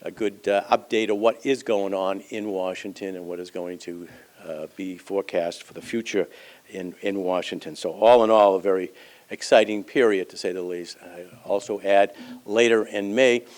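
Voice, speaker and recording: A man hosting a breakfast forum, giving measured announcements and an introduction with frequent fillers. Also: low voice, steady tone, darkish tone. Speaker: event host. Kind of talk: formal event announcements.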